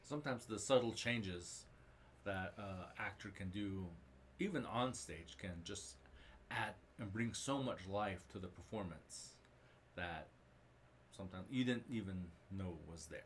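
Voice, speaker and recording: A man speaking as a guest in a casual interview, halting as he repeats words and says "uh" while he thinks. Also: sits low, a bit bright, slight background noise. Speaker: guest comedian and actor.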